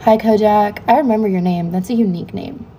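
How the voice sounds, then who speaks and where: A young woman with a warm, medium-pitched voice speaks fairly quickly, with a little hiss or hum present. A student on a phone livestream, she chats casually, reading viewers' comments aloud and answering them offhandedly.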